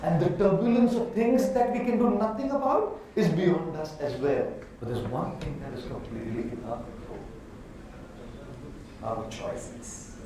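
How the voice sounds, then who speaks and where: A man with an Indian accent giving an animated motivational talk to a live audience, asking them questions as he goes. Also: a little high, measured pace, noisy background. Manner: animated, asks the audience questions, uses props. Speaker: motivational speaker. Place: large hall with a live audience. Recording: echoey hall from far off.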